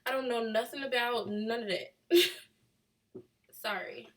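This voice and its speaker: A young vlogger from Chicago, USA, with a Chicago accent, chats casually with her live chat, reading questions aloud and laughing. Her voice is on the high side and unhurried.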